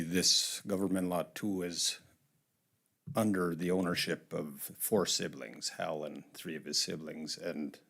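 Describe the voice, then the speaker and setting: Very deep gravelly husky man. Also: a bit bright. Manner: plain explanatory, fillers like you know. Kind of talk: public meeting explanation.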